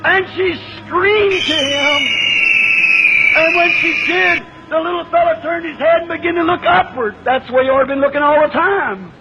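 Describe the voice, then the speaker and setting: Folksy male revival preacher with a very high voice, music behind. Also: moderate pace, rough recording. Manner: folksy, rural turns of speech. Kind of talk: revival sermon storytelling.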